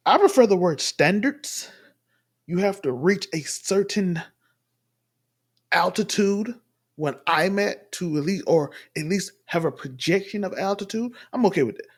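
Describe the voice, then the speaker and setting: A man's voice: high voice, expressive, a little slow, breathy edge. A man from the Southern US giving rambling, emphatic casual commentary while reacting to a clip at home. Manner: rambling, emphatic, restarts often. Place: home room.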